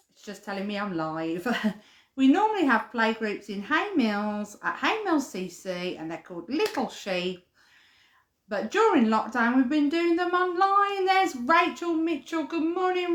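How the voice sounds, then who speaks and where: A woman's voice: a little high, a bit bright. Sing-song woman leading a toddler playgroup. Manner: sing-song, chatty delivery aimed at toddlers and parents. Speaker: playgroup leader. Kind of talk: live-streamed children's playgroup session. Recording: echoey room.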